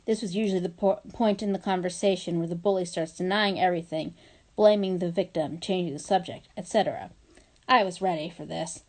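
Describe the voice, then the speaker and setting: A woman reading a children's novel aloud, with lively, expressive storytelling. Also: fairly low pitch, brisk. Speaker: reader.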